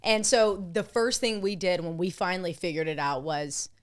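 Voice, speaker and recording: A woman's voice: on the low side, normal speed, clear, resonant tone. A woman guest on a podcast, talking in a playful, bubbly way about starting her own show. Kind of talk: casual chat.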